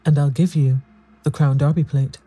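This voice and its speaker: A man's voice: on the high side, level tone, normal speed, mellow, breathy edge. A man voicing a lonely, cunning old woman ghost with a quavering, whistling voice and a wistful, wheedling way of talking.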